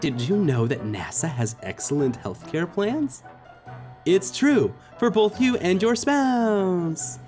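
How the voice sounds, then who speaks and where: A let's-play streamer putting on a pushy, cheesy advert salesman for a moon trip, with an overblown singsong pitch. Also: sing-song, slow, darkish tone, faint music behind. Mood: salesy.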